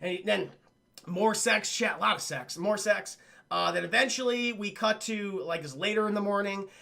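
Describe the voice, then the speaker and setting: A man's voice: high-pitched, moderate pace, gravelly, bright, forceful tone. A man recapping a film scene by scene for his live chat. He talks animatedly, swears, laughs often and keeps calling out to the chat. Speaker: streamer, film reviewer.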